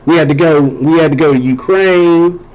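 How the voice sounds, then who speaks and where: A man's voice: a little high, normal speed, a little mellow, dull audio. A man hosting a casual rambling monologue, talking loosely and circling back to repeat himself. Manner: rambling, conversational, repeats and restarts phrases. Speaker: host.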